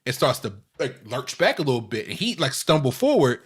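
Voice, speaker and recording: A man, co-hosting a podcast in casual chat, telling stories with halting restarts and laughing as he goes. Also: mid-range voice, big pitch swings, husky. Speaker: podcast co-host.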